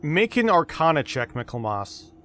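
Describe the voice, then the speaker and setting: A man running a tabletop game as game master, narrating scenes in an unhurried, descriptive way. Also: a little high, sing-song, bright, forceful tone.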